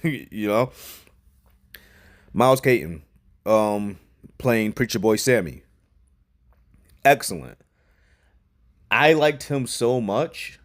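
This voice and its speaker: A man talks through a movie review in a loose, unscripted way. His voice sits a bit low. He swears casually and doubles back on his phrases as he thinks aloud. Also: unhurried, pauses often. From New York. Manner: loose and profane, repeats himself, laughs often. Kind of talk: casual spoken film review.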